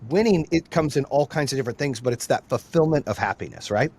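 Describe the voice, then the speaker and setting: A man's voice: medium pitch, animated, fast, darkish tone, breathy edge, no room sound. A man hosting a podcast, talking in an affirming, conversational way. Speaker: podcast host. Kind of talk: casual interview chat.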